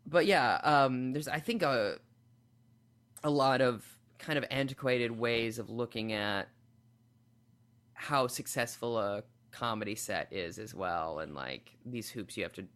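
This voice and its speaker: A man appearing as a comedian guest on a podcast, talking fast and animatedly, jumping between tangents with lots of "like" and self-deprecating asides. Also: medium pitch, fairly bright tone. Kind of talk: casual chat. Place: New York.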